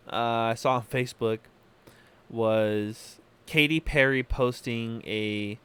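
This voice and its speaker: A man hosting a podcast from California, giving opinionated solo commentary in a halting way, full of fillers and restarts. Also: medium pitch, steady tone, a bit bright, clear, resonant tone. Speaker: podcast host.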